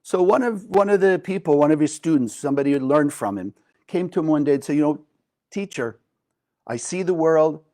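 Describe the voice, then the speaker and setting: A man's voice: fairly high pitch, expressive, fast talker, dark tone. A man teaching a spiritual lesson in a conversational, engaging way, telling a parable and asking his listeners questions. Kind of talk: spoken lesson with storytelling.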